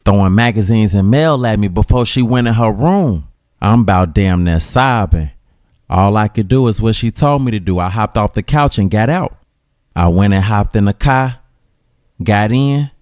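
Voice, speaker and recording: A man with a Chicago accent narrating a dramatic story in a slangy, casual way with dramatic pauses. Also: lowish voice, darkish tone, no room sound, clean studio sound.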